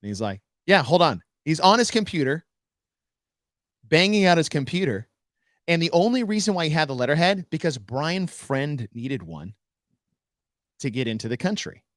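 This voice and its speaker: Podcast co-host, male, animated storyteller who voices the people in his story, dry close mic. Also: fairly high pitch, moderate pace, long pauses, no room sound. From United States. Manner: animated storyteller acting out dialogue. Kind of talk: casual storytelling chat.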